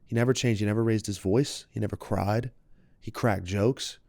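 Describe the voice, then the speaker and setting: A man's voice: fairly low pitch, steady tone, moderate pace, creaky, darkish tone, no room sound. A man in his twenties, a podcast guest, telling a personal story in an open, heartfelt and reflective way. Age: 20s.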